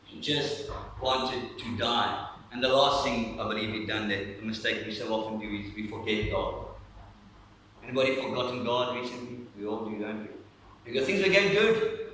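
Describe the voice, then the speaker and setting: A man's voice: medium pitch, normal speed, slight background noise. Man preaching in an echoey church. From South Africa. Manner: lively preaching, leads congregation in breathing exercises. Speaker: pastor. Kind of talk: sermon. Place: church hall. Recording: echoey church hall, mic at a distance.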